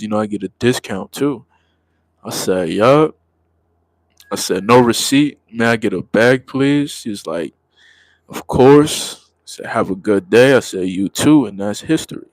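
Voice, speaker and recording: A man's voice: fairly low pitch, no room sound, low-quality recording. A man in his thirties chatting casually with viewers in a laid-back, slangy way, repeating phrases as he goes. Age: 30s. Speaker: livestream host.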